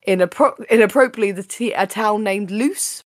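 A woman hosting a casual podcast, chatty and playful, her voice a little raspy today. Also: mid-range voice, brisk, no echo, studio quality. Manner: chatty, playful, laughs often. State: slightly raspy voice. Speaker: podcast host.

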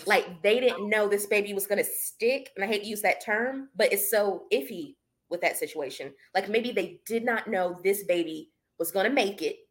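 A young woman co-hosting a podcast, talking through celebrity gossip in a casual, expressive, slangy way. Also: medium pitch, moderate pace, hardly any pauses. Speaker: podcast co-host.

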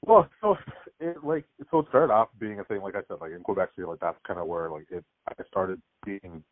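Fast-talking young man on a call. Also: sits low, dry recording. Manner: rapid storytelling, frequent "like" fillers. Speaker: guest. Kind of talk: casual podcast chat. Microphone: remote call. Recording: tinny phone-like call audio.

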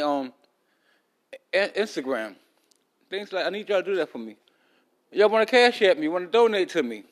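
A man hosting a podcast, telling a long story in a loose, rambling casual way, talking around a loose tooth. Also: a little high. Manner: loose, rambling, with many fillers and restarts. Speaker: podcast host.

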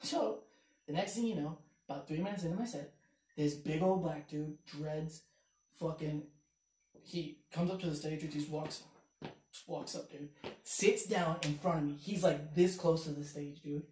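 A man's voice: fairly high pitch, normal speed, darkish tone, far from the mic. A man spins a long, rambling story about a set on stage, swearing freely and circling back to the same stock phrase. He sits away from the mic, so his voice comes back off a roomy space. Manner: rambling, profane, repeats "the next thing you know". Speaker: comedian and podcast guest. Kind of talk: casual storytelling chat.

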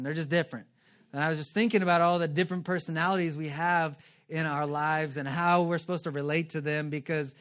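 Guy pastor preaching a sermon in church, kinda high voice, super animated, cracks jokes and does little voices. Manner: animated, joking, acts out quick character voices.

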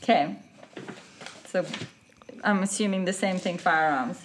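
A woman's voice: lowish voice, a little slow, a little hiss or hum. A woman playing a tabletop role-playing game, describing her character's actions with teasing, wry remarks. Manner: teasing, wry, laughs at others' moves. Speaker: player.

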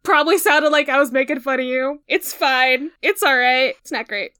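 A woman's voice: high-pitched, moderate pace, pushed and bright, no echo, studio quality. A woman co-hosting a casual book discussion, rambling, swearing freely and laughing often. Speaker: podcast co-host.

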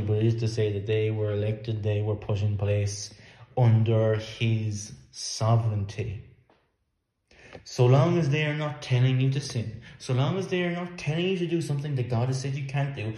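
A man's voice: medium pitch, warm tone. A man preaching a sermon in an earnest, emphatic way, sometimes repeating words as he works through a point. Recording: echoey room.

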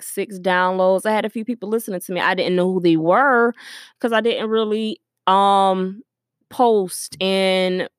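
A woman's voice: on the low side, no echo, clean studio sound. A young woman hosting her own podcast, talking through her thoughts in an earnest, reflective way, full of ums and you-knows, while recording at her workplace store. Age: young adult. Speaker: podcast host. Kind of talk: casual solo podcast monologue.

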